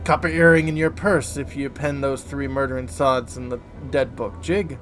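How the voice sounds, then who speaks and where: A man's voice: mid-range voice, fairly even intonation, moderate pace, fairly bright tone, soft background music, natural voice. A man voicing a bitter, scarred market woman. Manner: broken grammar, angry and blunt.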